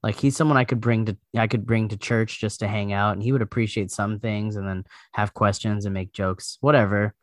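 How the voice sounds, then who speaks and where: A man's voice: fairly low pitch, steady tone, fairly quick, few pauses, no room sound, studio quality. A man co-hosting a podcast, chatting casually and rambling with many fillers. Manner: rambling, lots of "like". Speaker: podcast co-host. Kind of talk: casual chat.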